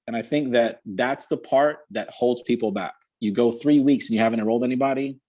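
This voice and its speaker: A man with a husky, slightly rough voice delivers an energetic pep talk. He hammers his points home by repeating them, and the sound has the plain quality of a video call. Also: medium pitch, a little fast. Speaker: guest speaker. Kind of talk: motivational talk.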